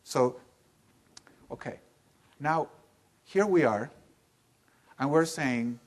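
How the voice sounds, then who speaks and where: A man leading a live seminar in a room with an audience, talking in an animated, emphatic way and putting questions to the listeners. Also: a little high, very slow, pauses often. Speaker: workshop teacher.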